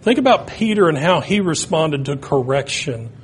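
A man preaching a sermon, retelling stories and building to loud, emphatic peaks. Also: fairly high pitch, lively intonation, moderate pace, slight background noise.

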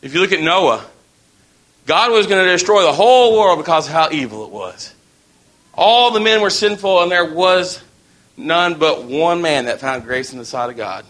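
A man's voice: on the high side, expressive, moderate pace, a bit bright. A man preaching a sermon in a folksy, storytelling way.

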